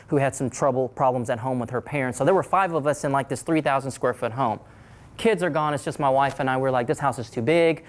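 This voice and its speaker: A middle-aged man with an Oklahoma accent, telling his own story to an audience, animated and repeating key phrases for emphasis. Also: medium pitch, smooth.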